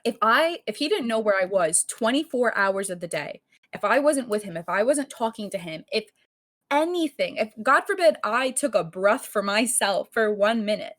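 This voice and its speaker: A young woman co-hosting a podcast, telling a story in casual chat, full of fillers and cursing, acting out quoted lines loudly. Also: mid-range voice, normal speed. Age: young adult. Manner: animated storytelling, heavy filler "like", frequent cursing; acts out quoted lines in raised louder voice. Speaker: podcast co-host.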